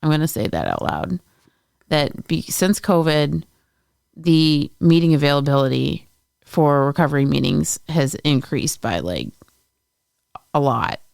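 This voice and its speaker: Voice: mid-range voice, big pitch swings, unhurried, vocal fry, pauses often, clear, resonant tone, no echo, studio quality. A podcast co-host talking in a supportive, conversational way. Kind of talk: casual chat.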